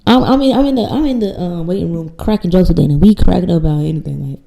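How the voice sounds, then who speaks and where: A woman's voice: on the low side, fast talker, gravelly, dark tone, low-quality recording. A woman in her late twenties hosting a podcast, telling a personal story in candid casual chat, blunt and swearing freely. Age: late 20s. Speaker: podcast host.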